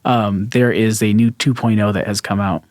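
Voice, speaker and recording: Man, podcast guest, low-ish voice, rambling casual explainer, dry close mic. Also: fairly even intonation, normal speed, a little mellow, no echo. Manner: loose, rambling explanations with many fillers.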